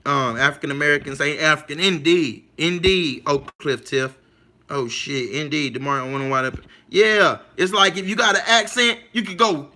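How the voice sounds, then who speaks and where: The voice here is a man's, a little high and sounding pushed and bright. As a livestream host giving a casual monologue, he talks emphatically, repeats himself, and keeps asking his audience whether they follow.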